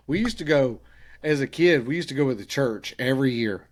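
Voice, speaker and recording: A man's voice: medium pitch, animated, brisk. A middle-aged man, talking casually on a podcast with a rambling, restarting manner. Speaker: podcast co-host. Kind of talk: casual chat.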